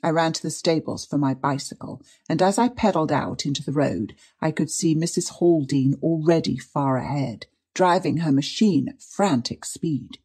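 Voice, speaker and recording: A woman reading a period mystery story aloud in a measured, dramatic narration. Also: deep voice, animated, darkish tone, breathy edge. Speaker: audiobook reader. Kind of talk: scripted narration.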